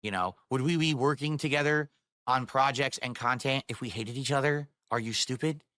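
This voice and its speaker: Bright, fired-up man ranting on stream. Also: mid-range voice, moderate pace, dry recording, clean studio sound. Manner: heated, profane, rhetorical questions. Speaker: live streamer. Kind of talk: ranting to a live chat.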